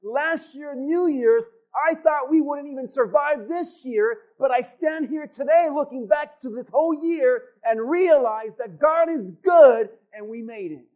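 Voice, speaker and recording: A male pastor delivers a sermon in a church with slow, deliberate pacing. He drives each point home through repetition and calls out questions to the congregation. His voice sits very high, and the recording sounds dull and lo-fi. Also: a little mellow.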